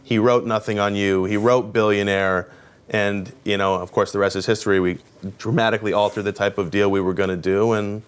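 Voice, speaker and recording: Man being interviewed, smooth lowish voice, thoughtful, restarts a lot. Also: level tone, fairly quick. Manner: earnest and reflective, with restarts. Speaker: guest record executive. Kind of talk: interview answers.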